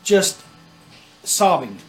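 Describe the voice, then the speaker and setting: A young adult man chatting casually as a guest, easygoing and quick to laugh. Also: sits high, sing-song, fairly bright tone, faint music behind. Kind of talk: casual chat.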